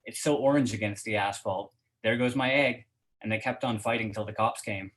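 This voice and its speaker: Man reading dark fiction aloud. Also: lowish voice, brisk, poor audio. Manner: steady first-person reading, hesitant with fillers when chatting. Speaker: guest reader.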